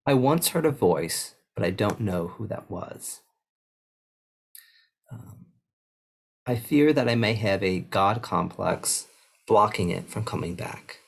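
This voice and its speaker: Very deep gravelly guy reading out questions flatly. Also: slow, pauses often. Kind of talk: casual reading of viewer questions.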